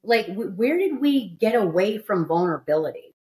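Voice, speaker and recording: A woman's voice: medium pitch, animated, moderate pace, darkish tone. A woman hosting a studio podcast, talking candidly and emphatically in casual chat. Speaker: podcast host.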